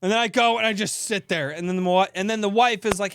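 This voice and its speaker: A man's voice: sits high, quick pace, fairly bright tone, smooth. A man in his thirties co-hosting a comedy podcast, telling rambling stories, swearing and acting out his own grumbling. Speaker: podcast co-host. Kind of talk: casual comedic storytelling.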